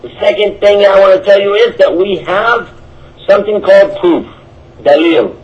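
A man's voice: sits high, moderate pace, a crowd in the background. A man preaching about his religion and answering questions. He speaks emphatically and repeats his points. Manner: emphatic, repetitive, animated. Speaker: Islamic preacher. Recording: dull lo-fi audio.

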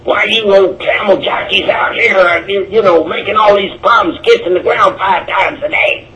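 A rude, hostile man spoils for a fight, taunting and mocking, as a man puts him on. His voice sits fairly high, and the sound is dull and lo-fi. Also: moderate pace, pushed and bright, distant mic, slight background noise.

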